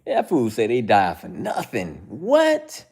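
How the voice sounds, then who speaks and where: A man running a livestream speaks in a fairly high, very animated voice at an unhurried pace. Answering chatters by name, he turns heated and preachy in casual talk, with "bro" aimed at everyone again and again.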